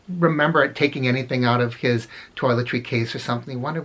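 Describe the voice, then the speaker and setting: A man's voice: medium pitch, fast talker, hardly any pauses, fairly bright tone. Middle-aged man, casual storyteller, meandering, self-correcting, chuckling. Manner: rambling, self-correcting, chuckles at his own stories. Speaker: storyteller vlogger.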